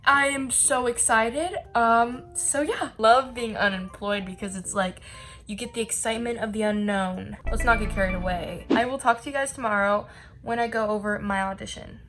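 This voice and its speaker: A young actress chatting casually to her camera at home, self-deprecating and bubbling over with excitement at times. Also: a little high, normal speed. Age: young adult. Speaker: actress and vlogger. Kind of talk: casual vlog chat to camera. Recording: music playing behind the voice.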